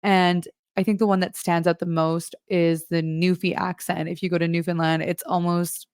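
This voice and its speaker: A woman's voice: fairly low pitch, flat delivery, normal speed, darkish tone, clear, resonant tone, no echo, clean studio sound. A young woman from Northern Ontario with a Canadian accent, chatting frankly as a reaction video host, explaining things. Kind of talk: casual reaction commentary.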